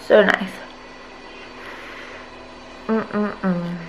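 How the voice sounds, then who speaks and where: A woman's voice: medium pitch, fairly even intonation, drawn-out words, background noise. A woman in her twenties chatting casually to camera at home, rambling and self-mocking. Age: 20s. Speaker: vlogger. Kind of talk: casual vlog chat to camera. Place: at home indoors.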